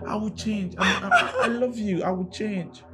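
A man's voice: high-pitched, fairly even intonation, normal speed, sharp tone, soft background music. A man playing a remorseful abusive boyfriend, pleading and apologizing over and over in a skit drama.

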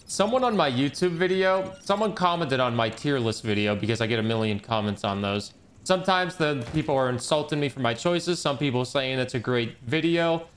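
A man's voice: medium pitch, expressive, brisk, a little hiss or hum. A man streaming a video game, chatting casually in a rambling, joking, self-mocking way, over game music. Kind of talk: casual gaming commentary.

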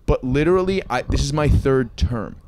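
A man, a comedian telling animated stories on a podcast and swearing freely. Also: mid-range voice, normal speed. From Brooklyn, New York. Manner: animated, swearing, acts out voices in his stories. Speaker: guest comedian. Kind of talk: casual storytelling on a podcast.

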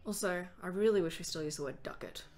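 A woman co-hosting a podcast, chatting with quick, joking banter. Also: lowish voice, darkish tone. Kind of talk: casual chat.

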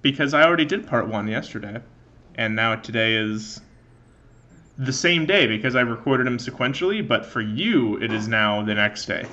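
A young man with a fairly low, bright, forceful voice gives rambling, sarcastic, profane commentary while playing a video game. He's a let's play gamer doing casual gameplay commentary, and the recording has a lo-fi sound.

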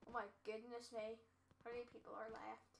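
A woman hosting a gaming video, giving casual commentary with excitable, loud, exasperated outbursts. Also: fairly high pitch, a little fast, creaky, echoey room, background noise. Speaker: gaming channel host.

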